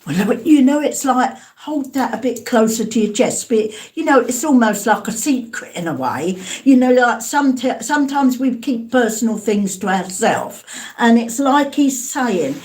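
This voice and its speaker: A woman's voice: on the high side, expressive, unhurried, darkish tone. A woman giving a live spirit mediumship reading, hesitant and calling her listeners darling and sweetheart.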